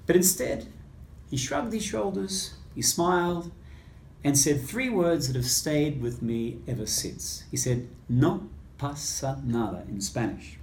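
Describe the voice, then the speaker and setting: A man's voice: a little high, lively intonation, unhurried, gravelly, darkish tone, slight background noise. A male priest tells a personal story with a voice that rises and falls freely. He acts out the quoted dialogue. The recording has a roomy echo and a faint room ambience underneath. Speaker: Catholic priest.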